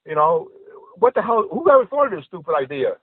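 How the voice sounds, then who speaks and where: A stand-up comedian acts out the characters in his jokes in a husky, slightly high voice. He talks in a casual podcast chat over a dry, tinny line that sounds like a phone call. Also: brisk, no echo. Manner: animated storyteller acting out joke characters. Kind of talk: casual podcast joke-telling.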